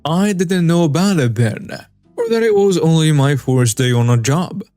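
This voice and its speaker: Male narrator, slightly high voice, wry storytelling, faint music bed. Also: wildly swooping pitch, moderate pace, mellow, no room sound. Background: faint background music.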